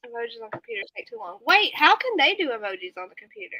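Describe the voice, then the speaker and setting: A woman's voice: sits high, bright, forceful tone, dry recording, low-quality recording. A woman hosting a casual late-night live stream from home, chatting with viewers, laughing and snorting often. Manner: giggly, chatty, reads and answers viewer comments.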